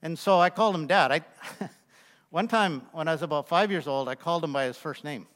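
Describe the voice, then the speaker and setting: His sermon is conversational and folksy, with asides to the congregation, delivered by a man in his sixties in a large, reverberant hall. He speaks fairly quickly in a fairly high, slightly bright voice.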